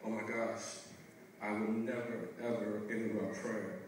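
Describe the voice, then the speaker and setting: A man giving a lively, conversational testimony in a large church hall, heard from a distant mic. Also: lowish voice, measured pace, a little hiss or hum. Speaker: guest speaker.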